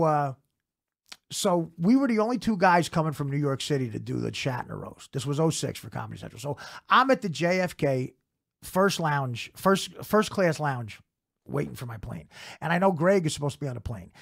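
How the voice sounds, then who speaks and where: A man's voice: mid-range voice, gravelly, breathy edge. A middle-aged man telling a profane comedy anecdote in a casual podcast chat. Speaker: comedian guest. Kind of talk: casual storytelling.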